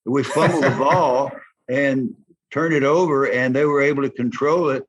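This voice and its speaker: An older man with a Southern accent, a former football player telling folksy, animated stories in an interview. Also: mid-range voice, normal speed, breathy edge. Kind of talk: storytelling interview. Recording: dull lo-fi sound.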